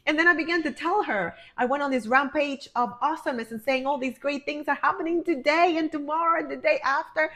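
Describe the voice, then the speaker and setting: A woman's voice: high-pitched, fast talker, hardly any pauses, sharp tone. A woman who works as a healer and life coach, talking straight to the camera in an effusive, emphatic way and calling the viewer honey and my friend. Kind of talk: motivational direct-to-camera talk.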